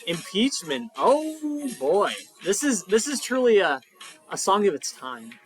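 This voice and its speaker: High-voiced jokey podcast host man. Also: very animated, a little slow, soft background music. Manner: jokey, laughs often. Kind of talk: casual chat.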